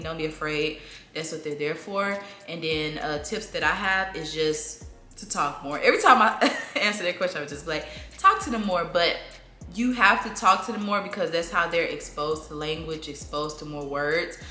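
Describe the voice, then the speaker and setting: A young woman vlogger answering viewers' parenting questions in a casual sit-down chat, laughing often and breaking into lively, high voices when she acts out talking to her toddler. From southern United States. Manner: chatty, laughs often, lively acted-out baby-talk bursts. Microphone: camera mic. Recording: echoey room, faint room noise.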